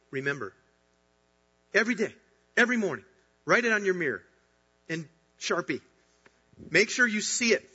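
A man's voice: high-pitched, husky. A man preaching an earnest, emphatic sermon as a pastor. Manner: earnest, emphatic preaching with rising bursts of excitement. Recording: dull sound with long hall reverb.

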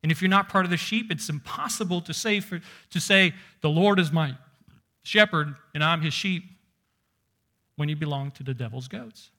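A man preaching a sermon, emphatic, slowing down and dropping to a near whisper to stress points. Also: a little high, bright, forceful tone.

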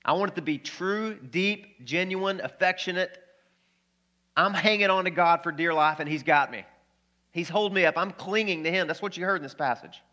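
Bright-voiced pastor preaching with energy. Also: male voice, high voice, moderate pace. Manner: energetic, conversational preaching with questions to the congregation. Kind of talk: sermon.

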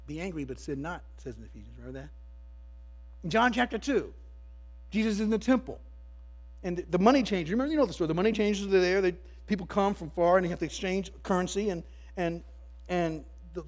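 A man's voice: high-pitched, husky. A man preaching a sermon as pastor, emphatic, repeating words as he builds his points.

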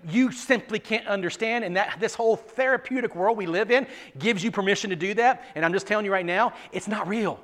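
Preaching to his flock, this pastor has a rather high-pitched voice and talks fairly quickly with few pauses. His sermon is earnest and full of restarts, climbing to forceful emphasis and then falling to soft, near-whispered pleading.

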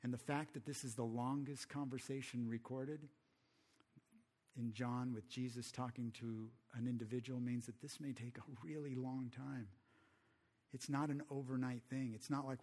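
Male preacher, sermon, conversational, rhetorical questions, mid-pitched voice. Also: flat delivery, normal speed, a little mellow.

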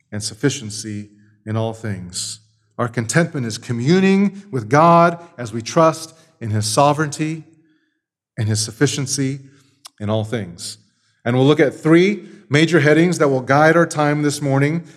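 Male pastor, sermon delivery, slightly higher voice, repeats key points for emphasis. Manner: expository preaching, emphatic repetition.

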